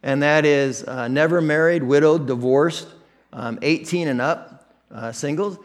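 A man's voice: fairly high pitch, a little slow. A man with an American Midwestern accent, a pastor delivering a conversational sermon with frequent restarts and candid asides. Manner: conversational, self-deprecating, with many restarts.

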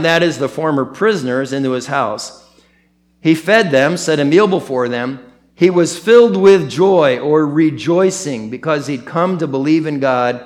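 A man preaching a sermon as pastor, animated, acting out the quotes he tells. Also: fairly high pitch.

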